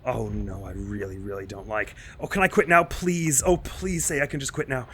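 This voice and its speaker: A man's voice: mid-range voice, steady tone, moderate pace, fairly bright tone, a little hiss or hum. A man commentating a horror game let's play, rambling and self-mocking, getting panicky and mumbly when spooked. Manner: rambling and self-mocking, jittery with nervous asides. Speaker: gaming channel host.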